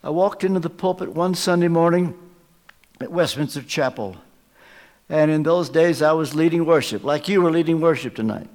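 A man preaching a sermon at a live church service, emphatic, swinging from loud stresses to hushed asides. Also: fairly high pitch, moderate pace. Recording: long reverb of a large church.

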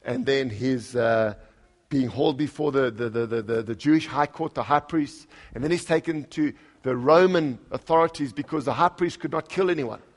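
A pastor preaching a conversational sermon. He reads scripture aloud with lively emphasis and puts questions to the congregation. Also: medium pitch, normal speed.

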